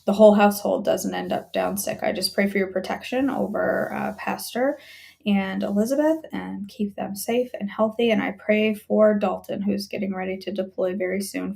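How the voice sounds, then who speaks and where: A woman hosting a live devotional stream, praying aloud for friends with halting pauses, then chatting to viewers. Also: mid-range voice, steady tone, creaky. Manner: halting prayer with many ums and restarts, warm repeated thanks. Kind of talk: spoken prayer, then casual sign-off. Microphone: phone or webcam on a live stream.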